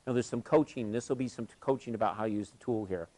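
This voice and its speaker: A man leading a live workshop, telling stories in an animated way and acting out what people said. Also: on the low side, fast talker. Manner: animated, acts out quoted voices. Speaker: workshop facilitator. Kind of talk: storytelling at a workshop. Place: conference session, recorded live.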